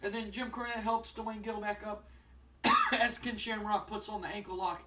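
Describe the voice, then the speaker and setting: Young man, game commentary, bright voice, rambling, slightly distant from the mic. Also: sits high, normal speed. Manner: excitable, rambling, many fillers. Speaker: gaming channel host. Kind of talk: casual let's-play commentary.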